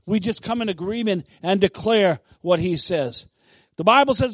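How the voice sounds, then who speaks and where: A man preaching a sermon with a high, ringing voice. He builds to bold, emphatic declarations, then drops into quiet, conversational asides to the congregation. The sound is dry and close. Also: lively intonation, moderate pace, few pauses, no room sound.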